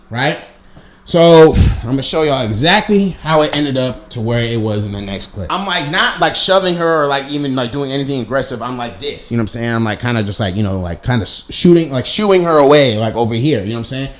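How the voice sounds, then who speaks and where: A young man telling a storytime vlog in an animated way, full of "you know what I'm saying". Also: mid-range voice, a little fast. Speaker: vlogger.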